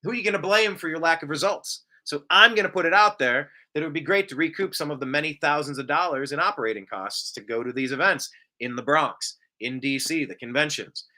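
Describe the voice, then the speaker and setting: A man's voice: on the high side, brisk, sharp tone. A man hosting a casual live show, reading out viewer comments and drifting into long, rambling tangents. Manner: rambling, tangential, self-described bloviator. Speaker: show host.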